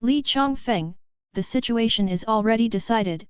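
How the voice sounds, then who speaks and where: A woman's voice: a little high, normal speed, clear, resonant tone, no room sound, close to an everyday voice. A woman narrator reading the lines of a sinister, contemptuous male martial villain from a storybook. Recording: dull lo-fi audio.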